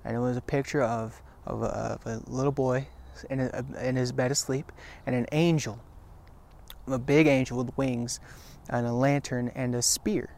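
A man speaks to camera in an earnest, encouraging devotional talk, his voice sitting at an ordinary middle pitch. He leans on repetition for emphasis and often breaks off to restart his sentences. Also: steady tone, vocal fry, darkish tone. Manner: halting with frequent restarts. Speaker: Christian video teacher.

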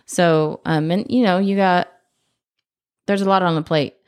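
A woman co-hosting a podcast, explaining the process briskly and in quick bursts. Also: lowish voice, fairly even intonation, darkish tone, clear, resonant tone. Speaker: podcast co-host, escrow professional.

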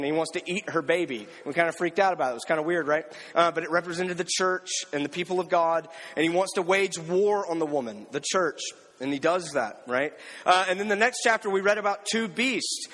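A man preaching a sermon and reading scripture aloud. He talks conversationally, often asks "right?" and slows down on key words. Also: fairly high pitch, a bit bright. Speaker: pastor. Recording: long hall reverb.

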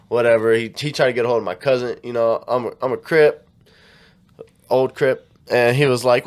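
A man's voice: medium pitch, normal speed. A man telling a story in casual chat, slangy and profane, acting out what people said. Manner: animated storytelling, acts out quotes, slangy and profane.

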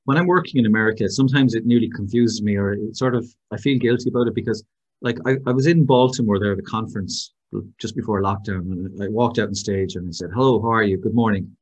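A man's voice: lowish voice, fast, a little mellow, husky. An Irish man hosting a podcast, chatting and asking rambling questions. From Ireland. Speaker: podcast host. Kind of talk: casual interview chat. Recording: dull lo-fi sound.

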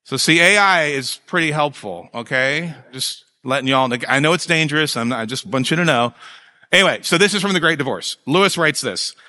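Pastor guy preaching, chatty and animated, bright voice, long church hall echo. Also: fairly high pitch, brisk. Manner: conversational, animated preaching with jokes and asides. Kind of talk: sermon.

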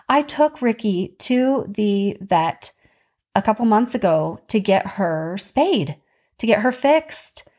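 A podcast host, a woman in her thirties, chats casually about her week at a slow pace. Her animated storytelling voice jumps up in pitch whenever she gets excited.

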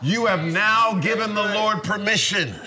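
A man preaching a sermon with passion, his voice rising to shouts at its peaks. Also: sits high, a little slow. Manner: impassioned, building to shouts. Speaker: pastor. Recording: crowd audible behind.

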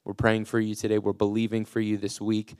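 A man preaching a short devotional podcast sermon as a youth pastor, earnest and encouraging, often slowing right down to stress a line. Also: on the low side, completely flat delivery, darkish tone, clean tone. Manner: earnest and encouraging, slows down for emphasis; many filler "uh"s and restarts.

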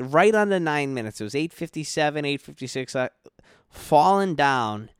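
A man's voice: mid-range voice, clean tone, dry recording, studio quality. A young man, tipsy and tired, rambling and swearing through a late-night sports rant in his bedroom. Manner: profane, rambling, yawning. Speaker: podcast host.

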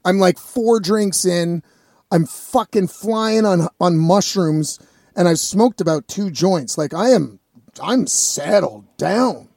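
Dude with a high voice rambling through a story, swears a lot, dry close sound. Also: male voice, slow, no room sound. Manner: profane, rambling, animated. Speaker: vlogger telling a story. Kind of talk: casual storytelling.

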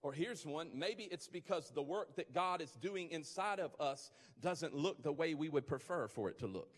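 Male pastor, emphatic preacher, high voice, long hall reverb. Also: animated, normal speed. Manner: emphatic, repetitive build-ups, rising intensity. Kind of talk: sermon.

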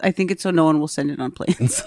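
A young woman working as an airport gate agent, telling stories in casual chat, animated and full of "like", acting out what people said. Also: low voice, no room sound, studio quality. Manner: animated, fillers of "like", acts out quotes.

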